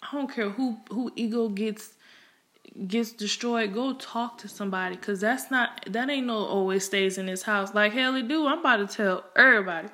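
A woman's voice: medium pitch, moderate pace, a bit bright. Candid, emphatic young woman. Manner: frank and emphatic, with heavy cursing; conversational, many fillers and restarts. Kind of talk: candid personal monologue.

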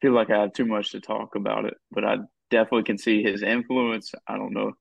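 A man co-hosting a podcast, speaking in a hesitant, halting way with a gravelly voice. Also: on the low side, flat delivery, dry recording. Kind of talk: casual conversational discussion. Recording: dull lo-fi dry sound.

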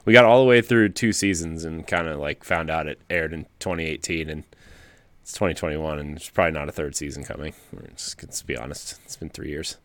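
A man's voice: very deep voice, fairly quick, a bit bright, no echo. A man hosting a casual chat, a parent of a toddler, who makes dry, wry asides. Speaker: podcast host.

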